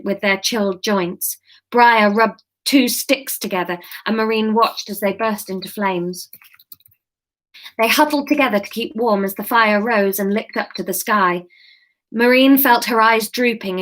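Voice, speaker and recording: A woman's voice: mid-range voice, a bit bright. A woman hosting an interactive live-stream story, reading it aloud and breaking off for chatty asides to viewers. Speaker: host and storyteller.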